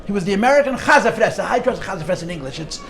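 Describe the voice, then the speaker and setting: A man teaching an informal Torah class as a rabbi, an animated storyteller who restarts phrases often and sprinkles in Yiddish and Hebrew terms. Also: high voice, very fast.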